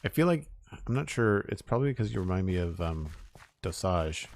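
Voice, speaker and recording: A middle-aged man chats casually on a live stream, calmly thinking aloud as he works and greeting viewers by name. His voice sits low and carries a gravelly, fry-touched texture. He speaks into a desk microphone. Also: a little fast. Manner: relaxed, thinks aloud while building, thanks viewers by name. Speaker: streamer playing a building game.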